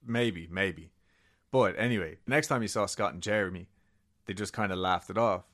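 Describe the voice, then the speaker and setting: A man's voice: deep voice, moderate pace, fairly bright tone. A man co-hosting a podcast, casually retelling a story and reading quotes from a book, with swearing and laughing asides. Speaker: podcast co-host.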